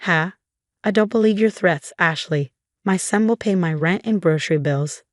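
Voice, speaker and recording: A woman voicing a meddling, scornful older mother-in-law in a storybook reading, with an even, flat delivery. The voice is low-set and the sound is dry. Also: moderate pace, no echo, natural voice.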